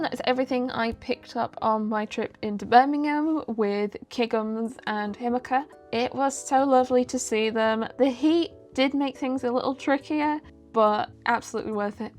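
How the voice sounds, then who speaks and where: Chatty young woman. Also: fairly high pitch. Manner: chatty, self-deprecating, rambling asides. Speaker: vlogger. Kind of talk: casual haul vlog.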